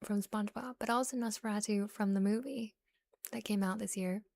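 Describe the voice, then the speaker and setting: A woman streamer softly whispering and rambling with giggles in a relaxed ASMR chat, close to the microphone. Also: medium pitch, a little fast, gravelly, no echo.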